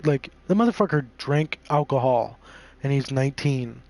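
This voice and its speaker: A man's voice: mid-range voice, animated, moderate pace, gravelly, darkish tone. A man telling a personal story while gaming, rambling and profane, with lots of "like" fillers.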